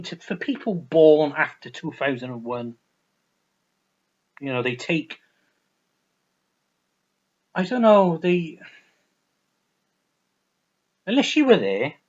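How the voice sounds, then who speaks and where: A man rambles through a casual game rant, swearing constantly and circling back over his own words. His voice sits at an ordinary middle pitch. The recording is slightly dull and lo-fi. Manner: rambling, profane, repetitive. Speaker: gaming vlogger.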